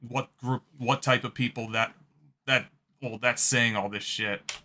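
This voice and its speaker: A man's voice: medium pitch, steady tone, measured pace, pushed and bright. A man hosting a reaction video, talking casually, swearing and laughing often. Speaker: host. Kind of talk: reaction commentary.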